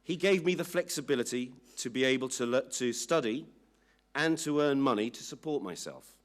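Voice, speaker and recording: A man slowly and solemnly reading a family statement aloud at a public inquiry hearing. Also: medium pitch, expressive. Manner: slow, measured, solemn reading.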